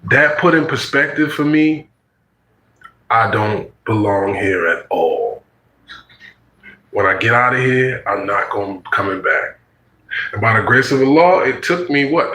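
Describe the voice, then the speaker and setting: A man's voice: mid-range voice, measured pace, pushed and bright, reverberant, rough recording. A man in his forties telling a personal story in casual, slangy talk, acting out the voices he quotes.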